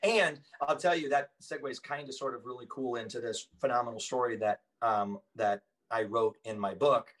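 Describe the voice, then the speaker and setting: An earnest man tells stories as a guest in a relaxed conversation. His voice is mid-pitched and sits a little back from the mic. He talks with emphatic conviction. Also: moderate pace, few pauses, distant mic, low-quality recording. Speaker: podcast guest, author and former police officer. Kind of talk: casual storytelling conversation.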